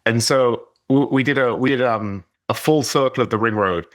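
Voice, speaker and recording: A man's voice: mid-range voice, moderate pace. A middle-aged man from England, hosting a podcast and telling a casual, rambling story with many restarts. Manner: rambling, self-interrupting, lots of restarts. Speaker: podcast host.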